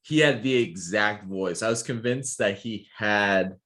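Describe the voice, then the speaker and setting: Low-voiced man telling stories on a podcast. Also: measured pace, fairly bright tone. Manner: laughs a lot, rambling with many fillers. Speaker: physical therapist podcast co-host. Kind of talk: casual podcast storytelling.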